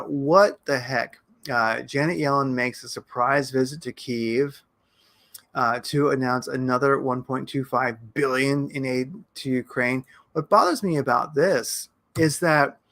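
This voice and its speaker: A man's voice: medium pitch, sharp tone. A man commenting on crypto markets in a casual, rambling live-stream style, slangy and laughing often.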